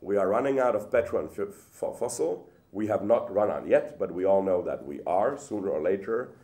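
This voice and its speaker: A man giving a public lecture in a hall, with lively rhetorical questions and frequent restarts. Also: on the low side, a little fast.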